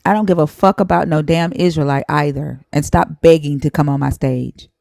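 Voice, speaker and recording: Young woman streamer going off, swears a lot, low gravelly mellow voice, real blunt and confrontational. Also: steady tone, moderate pace, dry recording, studio quality. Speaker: live stream host. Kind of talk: heated live-stream debate.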